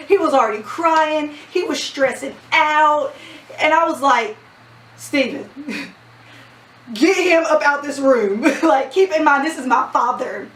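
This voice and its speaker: A young woman vlogger telling a personal story in a casual, animated way, laughing often. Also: sits high, a little hiss or hum. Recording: roomy sound from a distant mic.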